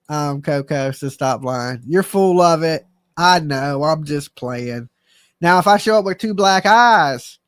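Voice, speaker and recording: A man's voice: on the high side, no room sound, studio quality. A middle-aged man hosting a live stream, reading chat comments and joking in a goofy, self-mocking, slangy way.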